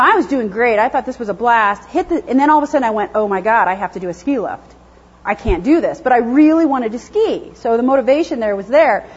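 A woman gives a conference lecture on animal behavior in a high, slightly husky voice. She talks in a chatty, self-deprecating way and laughs often. The recording sounds dull and lo-fi. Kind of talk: conference lecture with audience questions.

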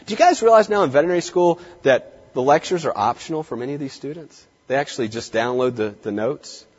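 A man working as a veterinary practice consultant, giving an emphatic seminar lecture and dropping his voice low for effect. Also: lively intonation, quick pace, breathy edge. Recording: dull lo-fi recording in reverberant hall.

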